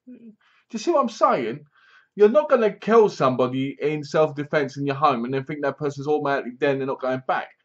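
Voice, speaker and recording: Rambling man reviewing a film. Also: fairly high pitch. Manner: rambling, animated retelling with sound effects and asides. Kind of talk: casual spoken film review. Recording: dull lo-fi home recording.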